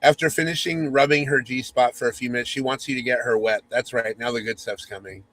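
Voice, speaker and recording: Male host reading a spoof romance aloud; mock-sultry, teasing, medium pitch. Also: steady tone, a little fast, fairly bright tone, low-quality recording. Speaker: podcast host.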